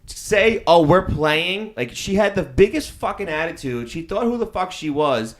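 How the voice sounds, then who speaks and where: A man's voice: sits high, sing-song, normal speed. A man from Queens co-hosting a comedy podcast, speaking bluntly and crudely in casual banter. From Queens, New York. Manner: blunt, irritated, profane.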